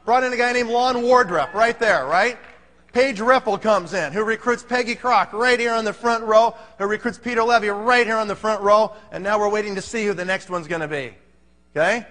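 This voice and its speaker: Brief: high-pitched male conference speaker, animated and pushy, hall reverb around him. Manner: animated, keeps checking in with the audience. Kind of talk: motivational sales talk. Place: large hall.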